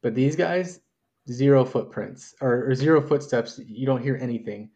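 A man's voice: medium pitch, normal speed, dull audio. A man co-hosting a podcast, describing what he watched in casual chat, loose and full of fillers. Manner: loose, animated telling with many fillers. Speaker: podcast co-host.

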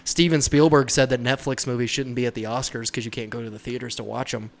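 A man's voice: medium pitch, fairly even intonation, fast talker, gravelly. Casual rambling man chatting about movies. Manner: rambling, laughing, mimics voices in quotes.

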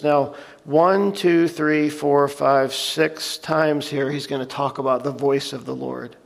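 A man's voice: fairly high pitch, level tone, measured pace, creaky. A man preaching a sermon, earnestly reading scripture aloud and explaining it plainly. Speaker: pastor. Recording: long reverb of a large hall.

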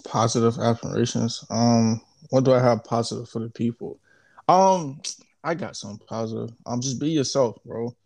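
A man's voice: medium pitch, moderate pace, gravelly, darkish tone. A man chatting casually on a podcast in a laid-back way, laughing easily. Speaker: podcast co-host.

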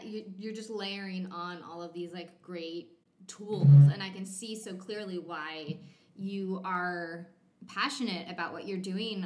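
A woman hosting an interview, thoughtful and affirming, searching for her words as she reflects. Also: on the low side. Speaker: podcast host, interviewer. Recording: roomy echo.

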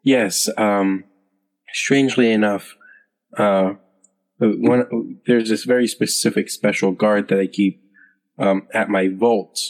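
Tabletop game voice: a man doing a stately, weary king, low and unhurried, reverberant hall. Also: steady tone. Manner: halting, stately speech with many fillers. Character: formal male human king, weary.

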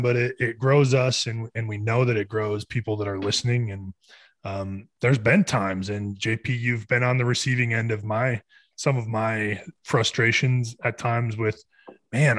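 A man's voice: fairly low pitch, fairly bright tone, no echo. A man co-hosting a podcast, talking earnestly in a casual, rambling way. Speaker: podcast co-host.

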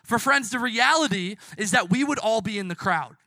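A young male preacher with a high, bright voice, delivering a fervent sermon. He swings between loud, shouted crowd lines and hushed, drawn-out quotes. The sound is dry and close. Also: lively intonation, dry recording.

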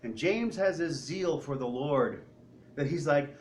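Animated male pastor, distant church mic. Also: medium pitch, moderate pace. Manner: animated, conversational preaching with acted quotes. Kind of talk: sermon. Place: church sanctuary. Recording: distant mic with faint room noise.

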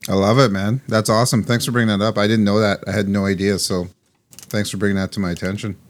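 Co-host, man, lowish voice, easygoing, short casual reactions. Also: flat delivery, quick pace. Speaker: podcast co-host. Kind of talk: casual podcast chat.

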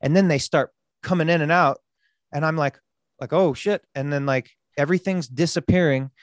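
A man hosts a casual podcast, telling a wild story in an animated way, often jumping into loud acted-out quotes and swearing freely. His voice sits a bit high for a man. It is recorded close and dry, with no room sound. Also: moderate pace, dry recording. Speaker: podcast host.

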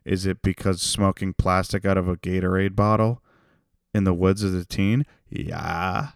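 A young man hosting a solo comedy podcast, ranting in an unhinged way that swings from creepy whispers to loud outbursts. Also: deep voice, steady tone, moderate pace, vocal fry, dry recording, studio quality. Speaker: podcast host.

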